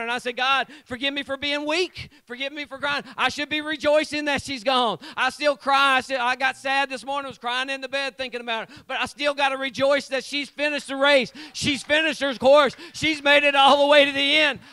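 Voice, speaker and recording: Male lay preacher with a smooth, resonant, bright voice, preaching a fervent and repetitive sermon in a church and calling on congregants by name. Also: very high-pitched. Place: church sanctuary.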